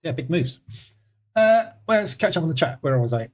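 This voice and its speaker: A man's voice: on the high side, sing-song, normal speed. A man runs a live trading room and talks in a loose, chatty way, stopping often with fillers as he thinks aloud. He reads viewers' messages and answers them as he goes. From United Kingdom. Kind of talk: casual live-stream commentary.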